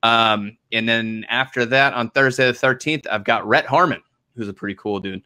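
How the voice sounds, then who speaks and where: A man's voice: mid-range voice, normal speed, pushed and bright, clear, resonant tone. A man hosting a casual interview, talking in a laid-back way, laughing easily and letting sentences trail off. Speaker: host.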